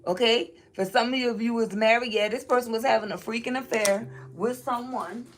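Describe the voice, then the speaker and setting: A woman's voice: a little high, brisk. A woman from New Orleans giving a tarot reading to her viewers, emphatic and repetitive, often checking in with "okay?" while she shuffles through her cards. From New Orleans, Louisiana. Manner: emphatic, repeats lines, frequent "okay?" check-ins. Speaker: tarot reader.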